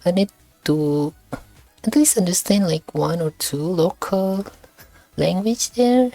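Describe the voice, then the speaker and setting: A woman from Indonesia speaking English, giving casual reaction commentary in a halting way and repeating words as she looks for them. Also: fairly low pitch, expressive, dark tone, no echo. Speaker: streamer reacting to a video.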